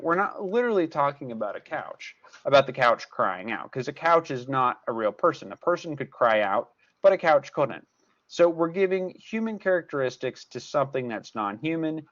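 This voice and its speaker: A man's voice: a little high, lively intonation, moderate pace, a bit bright, muffled recording. A man tutor explaining a lesson step by step, repeating key points with emphasis. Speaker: math tutor. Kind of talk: recorded class lesson.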